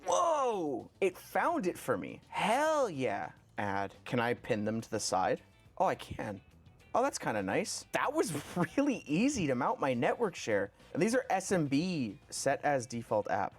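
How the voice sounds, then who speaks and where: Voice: medium pitch, huge pitch swings, a little slow, soft background music. A tech presenter casually walking through a setup while thinking aloud.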